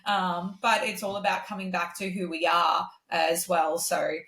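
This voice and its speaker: A woman speaks as a guest, candid and earnest as she tells her stories in easy conversation. Her voice sits a little low for a woman. The room around her adds a clear echo. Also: little pitch movement, unhurried, a bit bright. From Australia. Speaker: guest singer-songwriter. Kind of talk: casual conversation. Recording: roomy echo.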